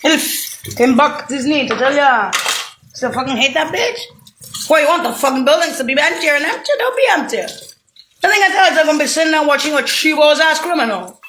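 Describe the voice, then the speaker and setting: A woman's voice: sits high, animated, moderate pace, background noise. A woman delivering an angry, profane, rambling rant straight to the listener. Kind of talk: unscripted rant to camera.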